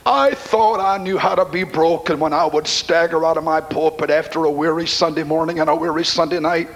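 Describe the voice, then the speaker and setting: A middle-aged man preaching a sermon to a congregation, impassioned, dropping to a hush and then rising to shouts. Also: fairly high pitch, fairly even intonation, brisk, poor audio. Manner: impassioned, swings from hushed to shouting. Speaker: pastor. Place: church congregation.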